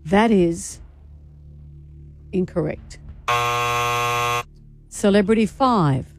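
A woman co-hosting a radio show, running a contest with bright, laughing, teasing banter. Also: medium pitch, extremely slow, loud music behind the voice. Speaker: radio co-host.

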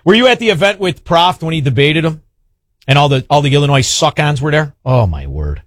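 A man's voice: on the high side, big pitch swings, a little fast, no room sound, clean studio sound. A man hosting a radio talk show, ranting sarcastically and hurling insults at his opponents. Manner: sarcastic, mocking, hurls insults. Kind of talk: combative talk radio rant.

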